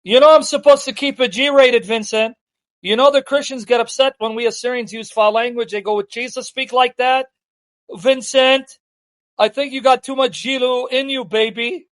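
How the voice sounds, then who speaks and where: A man giving live, animated commentary on a clip he is watching, joking and feigning indignation. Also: very high voice, moderate pace.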